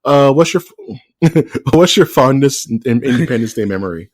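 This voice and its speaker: A man's voice: mid-range voice, animated, moderate pace, slightly rough. A man co-hosting a podcast in loose, joking casual chat, with many restarts. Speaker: podcast co-host.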